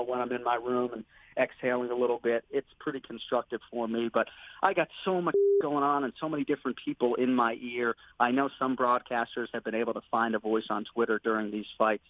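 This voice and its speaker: A man's voice: medium pitch, no echo. Man on a tinny phone line, dry sound, earnest and enthusiastic, casual interview chat. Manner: earnest, enthusiastic, with fillers like "you know" and "man". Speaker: MMA play-by-play commentator, guest.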